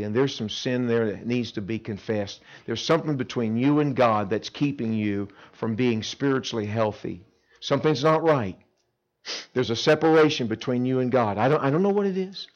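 A man's voice: mid-range voice, highs cut off. Dynamic male camp preacher. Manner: dynamic, swings from loud emphatic to hushed earnest. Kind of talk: sermon to teenagers.

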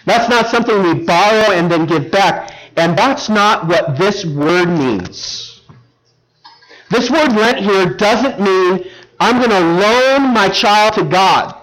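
A man's voice: high voice, a bit bright, poor audio. A man preaching a sermon, explaining Bible verses word by word and often asking the congregation if they are following along. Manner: engaging, repeatedly checks in with the congregation; teacherly, walks through Bible verses word by word. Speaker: pastor.

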